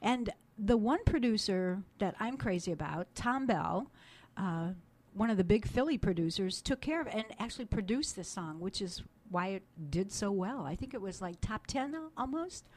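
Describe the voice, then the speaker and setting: A woman's voice: medium pitch, expressive, normal speed, a little mellow. An older woman co-hosting a radio show in a studio, chatting casually and laughing often while sharing music trivia. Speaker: radio host. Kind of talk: casual on-air chat.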